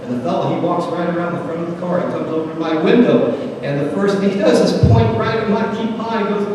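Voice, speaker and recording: A man delivers a spoken-word sermon as animated, humorous storytelling. His voice is fairly high for a man. It echoes around a large hall, picked up from some distance, with faint room noise behind. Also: fast talker. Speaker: slam performer. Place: live event hall.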